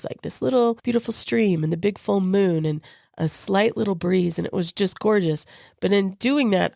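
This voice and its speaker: A woman with a fairly low speaking voice recounts a personal story on a podcast she co-hosts. She tells it in a lively, casual way and slips into the voices of the people she quotes. The sound is dry and close, with no room around it. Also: creaky, dry recording. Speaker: podcast co-host.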